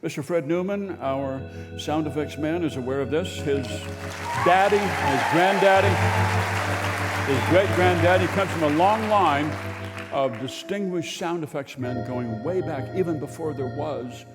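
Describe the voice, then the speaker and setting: A man's voice: on the high side, measured pace, big-room sound, loud music behind the voice, a loud crowd. A man hosting a live radio show and telling a wry, meandering tale.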